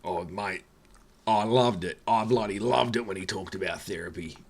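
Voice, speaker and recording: A man's voice: normal speed, creaky, very noisy. A man with an Australian accent voicing an overeager, sensitive Australian bloke in a mocking tone. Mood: mocking gush. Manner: mocking, overeager, high-pitched. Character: gushing sensitive adult Aussie bloke.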